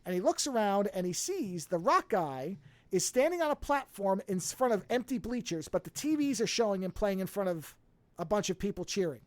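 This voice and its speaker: A podcast co-host rattling through a film plot in casual chat, piling on asides. The pitch sits in the middle, and the recording is close and dry with no room sound. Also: no echo. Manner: rambling, animated retelling with quick asides.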